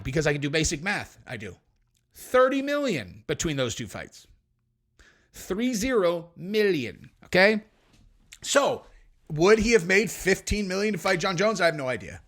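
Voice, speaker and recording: A man hosting a podcast, telling stories and commenting in a brash, animated, profane way. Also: fairly high pitch. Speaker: podcast host.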